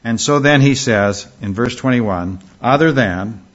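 A man teaching a Bible class verse by verse, talking it through in a loose, conversational way. He keeps pausing on fillers and checking in with his listeners. His voice sits at an ordinary middle pitch, and the recording is a little dull and lo-fi. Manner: conversational, frequent "all right?" check-ins and filler pauses.

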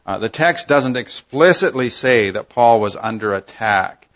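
A man teaching a Bible passage verse by verse, unhurried and thoughtful, pausing often with "uh". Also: mid-range voice, animated, a bit bright, dull audio. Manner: unhurried, thoughtful, with frequent "uh" pauses.

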